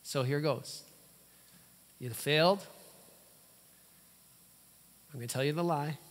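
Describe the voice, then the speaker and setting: A man preaching a sermon as a guest preacher, animated and fond of rhetorical questions and playful asides. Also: fairly high pitch, fast. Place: church sanctuary. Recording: long church hall reverb.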